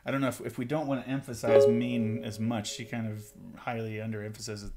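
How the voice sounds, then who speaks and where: A man's voice: medium pitch, flat delivery, loud music behind the voice. A man working through a vocal arrangement at his computer, thinking aloud with lots of ums and hums. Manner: halting and self-talking, many ums, hums bits of melody. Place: at a computer with notation software. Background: song recording playing.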